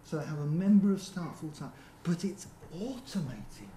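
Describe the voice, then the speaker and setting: A man with a fairly high voice presents at a seminar, talking loosely with lots of ums and asides to the room. He is recorded in a roomy venue with a faint hum behind him. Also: big pitch swings, moderate pace, mellow. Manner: conversational, frequent ums and rhetorical checks. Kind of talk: conference presentation.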